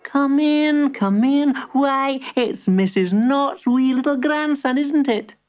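A woman's voice: high-pitched, slow pace, darkish tone, faint music behind, voice pushed up. A woman voicing a playful male shopkeeper who chuckles and teases in a storybook. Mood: teasing. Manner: chuckling and teasing. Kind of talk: storybook character voice.

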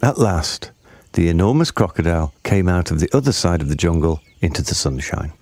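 A man narrating a children's story in a measured, expressive reading. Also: deep voice, dry recording.

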